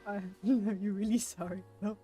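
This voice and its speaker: A woman streaming a history presentation live, excitable and self-deprecating, laughing often and reading chat aloud. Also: mid-range voice, normal speed, breathy edge. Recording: faint music behind voice.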